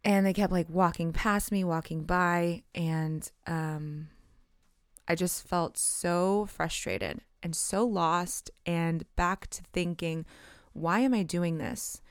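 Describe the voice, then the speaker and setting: A woman's voice: fairly low pitch, fairly even intonation, slow, clean tone, no echo, clean studio sound. A woman hosting a podcast, telling a personal story in a chatty, casual way, full of "like" fillers and small laughs. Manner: chatty, frequent "like" fillers, laughs mid-sentence. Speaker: podcast host.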